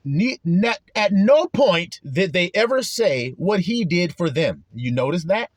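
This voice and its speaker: A man's voice: on the high side, expressive, normal speed, hardly any pauses, no room sound. Impassioned man preaching an informal sermon.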